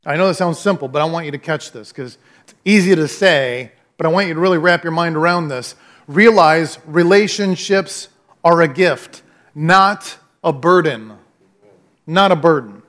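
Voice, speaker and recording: High-voiced pastor preaching with emphasis. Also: male voice, moderate pace, fairly bright tone. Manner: repeats key phrases, conversational, emphatic. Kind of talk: sermon.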